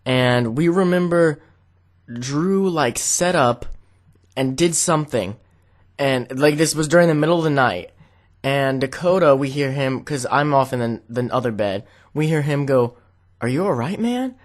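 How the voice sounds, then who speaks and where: A man's voice: medium pitch, a little slow. A young man vlogging to camera, telling a casual, rambling story full of "like" fillers.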